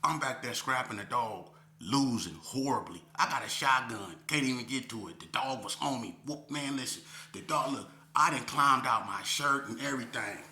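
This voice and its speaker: This interview guest speaks at a moderate pace with few pauses, recounting a story in street slang during a relaxed conversation and checking in with his audience as he goes. His delivery is lively, rising high when he relives parts of the tale. There's an echo in the room and a faint hum.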